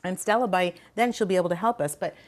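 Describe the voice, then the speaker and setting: A woman's voice: lowish voice, fast. An older woman hosting a cooking show, chatting enthusiastically as she demonstrates a recipe.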